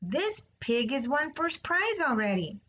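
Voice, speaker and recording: A woman reading as an excited young storybook boy with a raised voice. He calls out quickly, pointing things out with urgency. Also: high voice, pitched above the performer's own voice, exaggerated voice. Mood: urgent.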